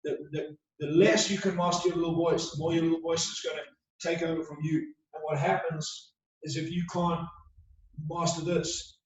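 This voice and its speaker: A man gives a motivational talk from some way off the mic, his voice ringing around a very echoey room. He speaks a little higher than most men and drives his points home with emphatic, repeated rhetorical questions over a faint hiss. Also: far from the mic.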